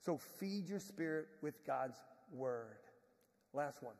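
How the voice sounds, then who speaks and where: A man preaching a sermon and telling a personal testimony, moving between quiet reflection and urgent pleading. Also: a little high, animated, takes it slowly, big-room sound. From Houston, Texas. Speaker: pastor.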